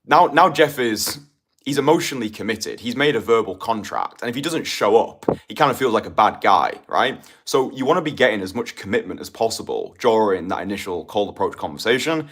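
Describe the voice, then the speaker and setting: A British man talks like a dating coach on a live stream, pressing each point with emphasis and checking in with a quick "right?". His voice sits a little low for a man. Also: animated, fairly bright tone. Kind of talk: motivational monologue on a stream.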